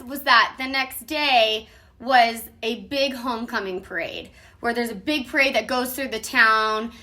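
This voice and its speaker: Bright, high-voiced woman telling a story. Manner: animated, swearing, laughing through the story. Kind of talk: casual story time.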